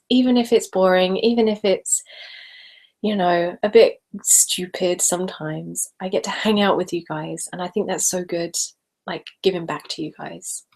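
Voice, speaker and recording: A woman's voice: lowish voice, darkish tone. A young woman hosting a casual live stream, chatting and giggling as she answers viewers. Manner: chatty and giggly, speaks normally rather than whispering.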